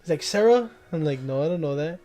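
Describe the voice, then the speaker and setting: A man's voice: fairly high pitch, steady tone, very fast, mellow. Young man telling a rambling story. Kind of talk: casual storytelling chat.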